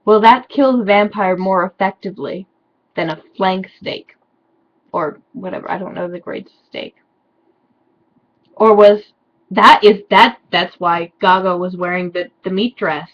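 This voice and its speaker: A woman's voice: medium pitch, unhurried, lo-fi sound. A young woman doing a comedic dramatic reading of fan fiction, with sarcastic, mock-despairing asides.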